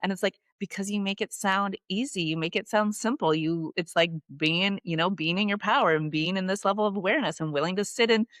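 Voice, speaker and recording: A woman's voice: medium pitch, fairly quick, hardly any pauses, a bit bright, dry recording. Effusive woman podcast host, dry sound. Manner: enthusiastic, effusive, filler-heavy with "like". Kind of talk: conversational interview.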